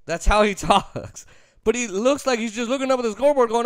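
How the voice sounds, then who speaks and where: A man's voice: very high voice, fast talker, clean tone, dry recording, studio quality. A man giving an emphatic, opinionated sports talk rant, repeating his points and laughing easily. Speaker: sports commentator.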